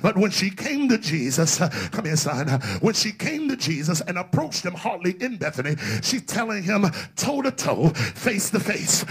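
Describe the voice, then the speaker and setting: A man preaching a sermon in a raspy voice, swinging from hushed talk to shouted, sing-song climaxes. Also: high-pitched, sing-song, normal speed, hardly any pauses.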